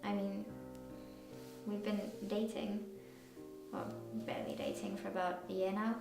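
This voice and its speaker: An actress playing an earnest young pregnant woman, speaking softly, recorded from a distance in an echoey space with guitar music. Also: medium pitch, level tone, measured pace, gravelly. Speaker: film character.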